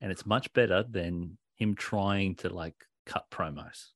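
A man co-hosting a podcast in casual chat, animated, swearing and laughing often. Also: low-pitched, a little slow, no room sound. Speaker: podcast co-host.

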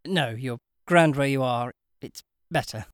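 A man's voice: mid-range voice, measured pace, smooth, no room sound, clean studio sound, lightly acted. A narrator voicing George, an awkward, polite young man who stammers when flustered, in an audiobook.

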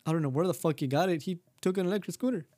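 A man's voice: a little high, racing, dark tone, dry recording, studio quality. A man co-hosting a podcast, blunt and profane in casual chat. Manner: blunt, swears often, laughs along. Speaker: podcast co-host.

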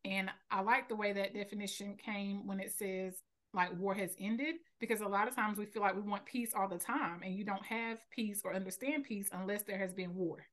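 A woman's voice: mid-range voice, fairly even intonation, moderate pace, a bit bright. A woman in her thirties with a Southern US accent from North Carolina, a coach answering interview questions in an earnest way and laughing easily. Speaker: teen and parent coach, podcast guest.

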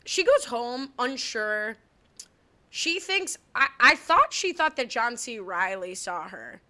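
Young woman co-host with a bright, sharp voice; chatty, laughs a lot, cuts in. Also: fairly high pitch, very animated. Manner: quick, laughing, jumps in often. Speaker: podcast co-host. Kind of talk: casual chat recapping a movie.

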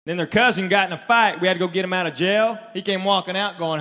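A man's voice: high voice, fast talker. A man performing a stand-up routine, telling stories and acting out his relatives' lines. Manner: animated storyteller, acts out relatives' lines. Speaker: stand-up comedian. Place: live stage in a large hall. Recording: reverberant live hall, faint room noise.

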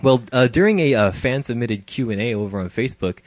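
A man's voice: mid-range voice, lively intonation, a little fast, no echo. Laughing man co-hosting a podcast. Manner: laughs often, loose and joking. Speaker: podcast co-host. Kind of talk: casual chat.

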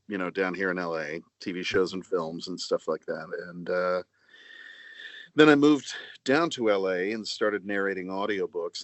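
A man talking as a voice actor guest on a podcast, chatty and self-deprecating with halting restarts. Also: deep voice, fairly bright tone, no echo. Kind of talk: casual podcast chat.

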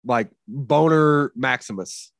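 A man's voice: mid-range voice, slow pace, dry recording. Male host, mid voice, swearing rambler, dry close mic. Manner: rambling, profane, with many fillers. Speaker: podcast host. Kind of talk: casual chat.

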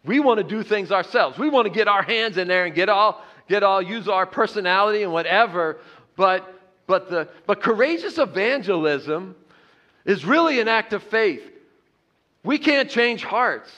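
A man's voice: high voice, lively intonation, moderate pace, bright, forceful tone. A man preaching a sermon in an earnest way, often repeating words and dropping his voice on key phrases. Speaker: pastor.

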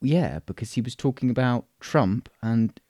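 A man's voice: medium pitch, expressive, moderate pace, warm tone, no room sound, studio quality. A man co-hosting a podcast in casual chat, ranting sarcastically about the news. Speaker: podcast co-host.

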